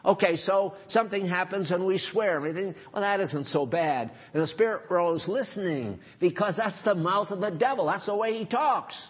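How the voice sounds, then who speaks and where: A man delivers a sermon in a fairly high, husky voice. He talks emphatically and sternly, breaking into casual asides. The recording sounds dull and lo-fi. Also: brisk, hardly any pauses. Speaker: preacher.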